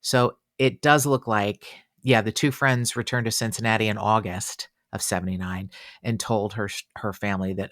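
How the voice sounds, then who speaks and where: A man hosting a casual true-crime podcast, chatty and animated, with fillers and exclamations. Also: lowish voice, moderate pace, dry recording, studio quality. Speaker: podcast host.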